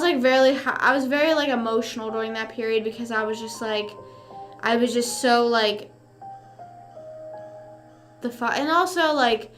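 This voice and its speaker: A woman's voice: fairly high pitch, pushed and bright. Chatty young woman rambling over music. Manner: rambling, full of fillers and swearing. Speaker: streamer. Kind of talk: casual livestream chat. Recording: music playing behind.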